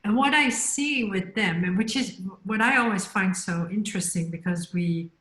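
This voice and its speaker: Middle-aged woman coach, chatty with fillers, echoey video call room. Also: lowish voice. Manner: chatty, many fillers and restarts. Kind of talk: online panel discussion.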